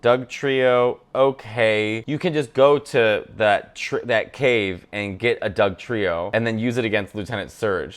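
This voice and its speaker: A man chatting casually and animatedly while ranking a list, now and then breaking into squeaky voices. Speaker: comedian ranking Pokémon. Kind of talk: casual chat.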